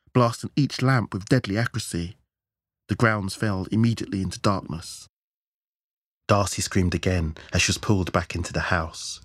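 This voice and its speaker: A man narrating an audiobook in a measured, steady storytelling style. His voice is very deep, and the recording is dry and close with no room sound. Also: dry recording. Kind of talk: scripted narration.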